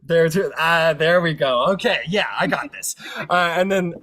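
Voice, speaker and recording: A man playing a tabletop game who narrates his character in a halting, filler-laden way. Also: fairly high pitch, pushed and bright. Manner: halting, filler-heavy, laughing. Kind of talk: tabletop role-play chat.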